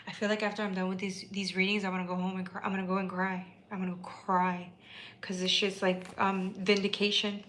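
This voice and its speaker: Woman, tarot reader on a live stream, bright even delivery, emphatic and emotional, faint hiss behind. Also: mid-range voice, poor audio. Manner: emphatic and emotional, swears freely.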